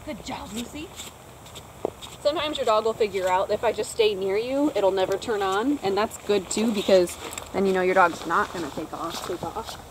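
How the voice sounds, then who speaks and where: A woman's voice: medium pitch, brisk, noisy background. A woman dog trainer casually explaining her method outdoors, chatting as she works. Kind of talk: casual instructional talk. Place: outdoors, quiet snowy open area.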